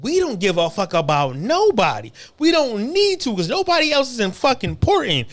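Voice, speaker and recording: A man's voice: very high voice, huge pitch swings, normal speed, fairly bright tone. A man, ranting in heated, profane commentary as a channel host.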